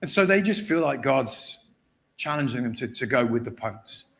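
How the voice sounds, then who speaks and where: A gravelly, mid-range male voice at an ordinary pace belongs to a guest preacher from England. Telling a story during his church sermon, he performs shouted voices with animation and laughs a lot.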